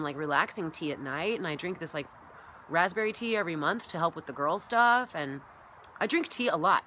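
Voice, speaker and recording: A woman's voice: sits low, pushed and bright, slight background noise. A woman vlogging as a wellness coach, rambling and chatty, often acting out her own past thoughts. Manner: rambling and chatty, full of "like" and "you know". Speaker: massage therapist and wellness coach. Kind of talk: casual vlog monologue.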